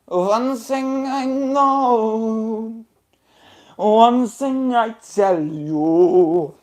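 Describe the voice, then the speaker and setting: A woman voicing a swaggering, boastful male scientist who speaks in a slow, menacing chant. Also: a little high, a little mellow, voice pushed up.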